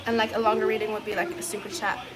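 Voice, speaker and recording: A woman's voice: medium pitch, little pitch movement, racing, background noise. A woman chatting casually on a livestream, reading viewer messages, giggling often and leaning on fillers.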